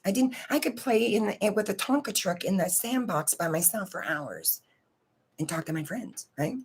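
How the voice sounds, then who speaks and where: A woman's voice: mid-range voice, animated, normal speed, breathy edge. A woman telling a personal story in a casual, rambling way, swearing freely and often checking in with her listeners. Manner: profane, rambling, keeps asking "right?".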